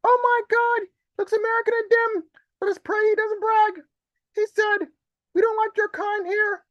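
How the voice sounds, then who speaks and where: A man performing comic poetry as a panicky male bystander, with shrill, frantic exclamations over a video call. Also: little pitch movement, moderate pace, fairly bright tone, no echo, lo-fi sound. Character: panicky adult male bystander watching monster chaos. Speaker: open mic poet.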